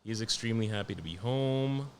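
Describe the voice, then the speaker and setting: A young man hosting a solo podcast, talking in a blunt, profane, joking way and reading news out loud. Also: on the low side, fast, smooth. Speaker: podcast host. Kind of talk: casual solo podcast monologue.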